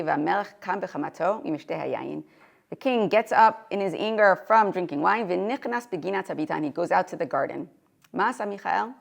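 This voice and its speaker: A woman's voice: lowish voice, vocal fry. A woman giving a Torah lecture to a live audience, reading Hebrew sources aloud and translating them, often asking questions. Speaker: Torah teacher.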